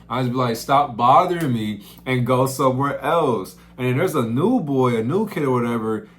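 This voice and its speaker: A young man working as a camp counselor, telling stories in a casual, slangy way that swings up into loud outbursts. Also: medium pitch, animated, moderate pace. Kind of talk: casual storytelling vlog.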